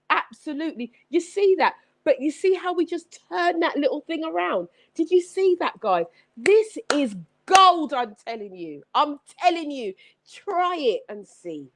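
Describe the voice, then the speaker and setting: Woman, motivational live stream, high lively voice, exclamatory, repetitive. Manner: energetic, exclamatory, preachy, repeats phrases. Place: home setup with several screens.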